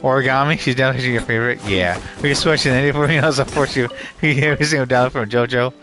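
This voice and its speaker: A man's voice: mid-range voice, racing, music in the background. A man livestreaming a game on a headset mic, chatting casually with viewers in a rambling, self-correcting way, with frequent swearing and laughter. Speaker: gaming livestreamer. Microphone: gaming headset.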